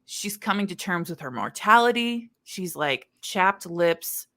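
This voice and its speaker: A woman co-hosting a podcast, retelling a book in a chatty, animated way with lots of "like"s and laughter. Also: fairly low pitch, a little slow. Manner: animated, laughing, quippy storytelling with many "like"s. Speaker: podcast co-host summarizing a book. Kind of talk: casual chat.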